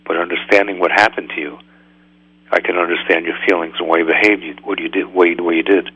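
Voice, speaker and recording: A man voicing a gentle old rabbi who calmly soothes and forgives a woman. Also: sits low, quick pace, slightly rough, dry recording, muffled recording, voice pushed down. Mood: soothing.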